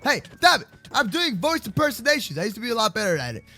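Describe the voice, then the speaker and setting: A young man goofing around in a Minecraft role-play from his bedroom, joking and yelling as he plays. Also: sits high, sing-song, very fast, faint music behind. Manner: hyper, jokey, often yelling. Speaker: gaming YouTuber. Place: home bedroom.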